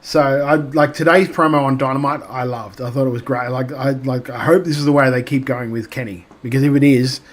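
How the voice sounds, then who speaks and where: An Australian man in casual podcast chat, rambling through his thoughts with plenty of fillers and false starts. His voice sits at an ordinary middle pitch. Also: steady tone, brisk, hardly any pauses. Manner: rambling, filler-heavy, lots of restarts. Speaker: podcast co-host.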